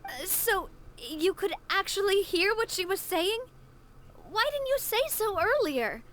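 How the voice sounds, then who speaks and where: Cheerful game girl, highish voice, very animated, light background hiss. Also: unhurried, heavily acted. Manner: bubbly, friendly, calls others partner. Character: cheerful sociable young woman adventurer.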